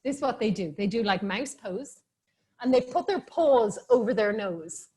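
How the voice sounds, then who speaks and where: A woman's voice: fairly high pitch, lively intonation, moderate pace, darkish tone, husky. A woman teaching a live online yoga class for children, giving playful, encouraging cues and laughing often over a video call.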